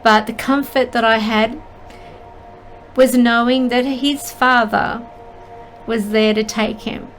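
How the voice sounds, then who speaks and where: A middle-aged woman, a spiritual medium, telling a personal story in an earnest, halting and emotional way. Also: on the high side, fairly even intonation, slight background noise, low-quality recording. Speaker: spiritual medium and channel host.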